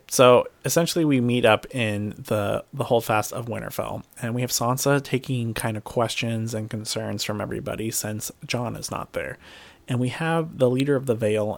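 A man's voice: medium pitch, gravelly, no room sound. A man recapping a TV episode in casual chat. He swears freely and talks animatedly. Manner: profane, animated, slips into mocking voices.

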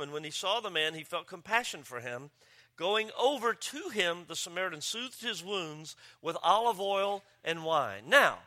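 A man preaching a sermon as pastor, joking and telling stories with lively delivery. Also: fairly high pitch. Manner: joking, animated storytelling with voices. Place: church campus.

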